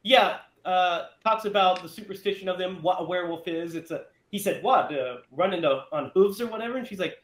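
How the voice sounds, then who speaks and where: A man chatting casually about an old movie, animated and quick to laugh as he recaps the plot. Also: sits high, echoey room.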